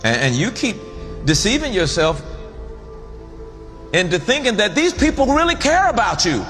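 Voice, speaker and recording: A man's voice: sits high, sing-song, moderate pace, a bit bright. A man giving an earnest, preachy motivational speech. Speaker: motivational speaker. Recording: speech with music behind.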